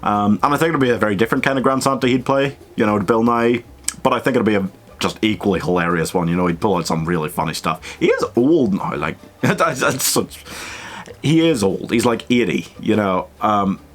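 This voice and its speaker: A man's voice: fairly low pitch, lively intonation, brisk. Give me a young man doing casual film commentary, emphatic and a bit rambling. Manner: rambling, self-correcting, emphatic asides.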